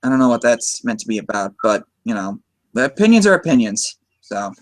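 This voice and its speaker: A man's voice: mid-range voice, very animated, fairly quick. An American man hosting a casual movie discussion podcast, talking in a chatty, enthusiastic way with frequent restarts. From United States. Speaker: podcast host.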